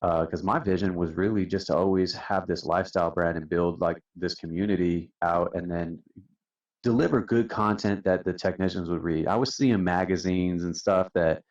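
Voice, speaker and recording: Here a company founder on a podcast spins relaxed, casual stories, constantly saying "man" and "dude." He has a deep, darkish voice with a steady tone at a normal speed, and the distant mic sounds dull.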